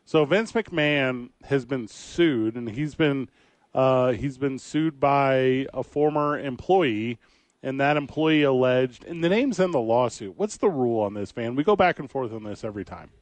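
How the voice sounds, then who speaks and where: A man's voice: mid-range voice, a little slow, dry recording. A man co-hosting a sports radio show, joking and rambling in casual banter. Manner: jokey, rambling, playful.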